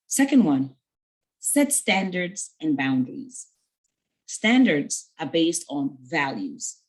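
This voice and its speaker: A woman's voice: low voice, very animated, slow pace, rough recording. A woman giving an earnest mentoring talk to young women, conversational and full of stories with quoted dialogue. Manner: conversational with fillers.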